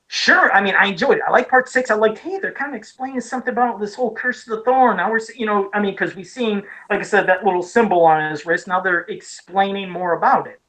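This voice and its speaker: A medium-pitched, slightly bright voice comes through a low-quality recording as an Ohio woman co-hosts a casual horror-film podcast. She retells scenes with eagerness, frequently restarting and wandering into asides.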